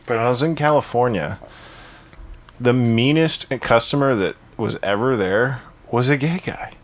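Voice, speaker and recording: A young man in casual chat, rambling through a story with loose swearing and frequent restarts. His voice sits at an ordinary middle pitch. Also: measured pace. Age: young adult. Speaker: podcast co-host.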